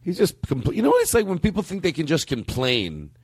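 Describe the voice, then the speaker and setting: A man co-hosting a comedy podcast, telling stories in a loose riffing way and putting on a high ranting voice for a drunk uncle. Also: huge pitch swings, fairly quick, a little mellow, slightly rough, dry recording, clean studio sound. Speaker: podcast co-host. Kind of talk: casual comedic chat.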